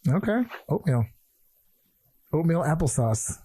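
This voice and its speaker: A man's voice: fairly high pitch, big pitch swings, a little slow, warm tone, slightly rough, no echo. A man co-hosting a casual podcast, telling rambling stories and laughing often. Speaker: podcast co-host. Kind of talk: casual chat.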